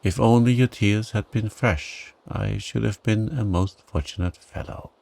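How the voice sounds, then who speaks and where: A man's voice: fairly low pitch, a little slow, gravelly, a little mellow. A man voicing a fussy, earnest male talking frog in a storybook tale. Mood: regretful.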